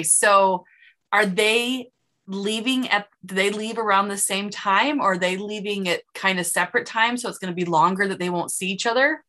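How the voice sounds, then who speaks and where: Bright-voiced chatty woman podcast host. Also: mid-range voice. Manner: chatty and effusive, tells stories, laughs often. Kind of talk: casual interview chat.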